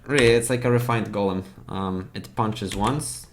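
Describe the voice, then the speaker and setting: A man narrating as dungeon master for a tabletop game, halting and full of fillers. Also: on the low side, noisy background.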